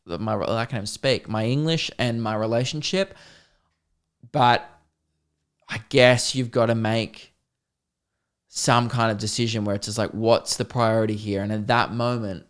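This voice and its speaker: Young male podcast host, middle-pitched voice, animated, sweary, self-mocking comic storytelling.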